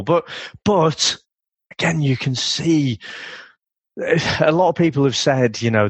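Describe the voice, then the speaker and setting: A man's voice: medium pitch, fairly bright tone, no echo. A man co-hosting a podcast, chatting casually about an old martial arts film, often laughing and mimicking lines. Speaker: podcast co-host.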